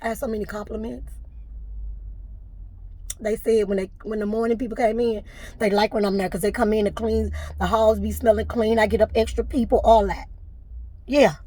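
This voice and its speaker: A woman's voice: a little high, steady tone, normal speed, long pauses, dark tone. Tearful woman venting to camera. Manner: tearful, fighting back crying. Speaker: vlogger. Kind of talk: emotional personal venting to camera.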